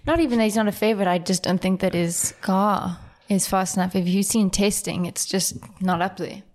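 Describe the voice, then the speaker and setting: A woman's voice: medium pitch, a little fast, darkish tone. A young woman co-hosting a podcast in casual, laid-back chat. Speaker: podcast co-host.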